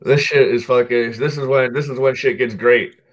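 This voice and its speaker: A man's voice: medium pitch, steady tone, normal speed. A man hosting a podcast, casually recapping a movie in a loose, profanity-laced ramble that keeps circling back to correct itself. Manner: loose, profanity-heavy, peppered with "dude" and "like"; rambling, often backtracks and corrects himself. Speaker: podcast host.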